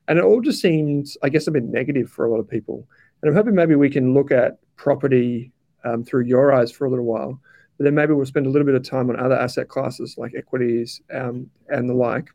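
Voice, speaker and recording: Relaxed Australian man hosting a podcast. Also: medium pitch, brisk, vocal fry. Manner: relaxed, friendly, says "mate" and "um" often. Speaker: podcast host. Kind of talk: casual interview chat.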